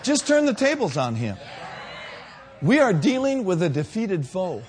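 A male preacher delivering a fervent, emphatic sermon that builds to shouted climaxes. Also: high-pitched, wildly swooping pitch, measured pace.

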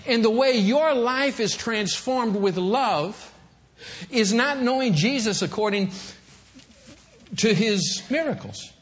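A man with a high voice preaches a sermon as a visiting speaker in a church. He is animated and acts out small scenes as he goes. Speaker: guest preacher.

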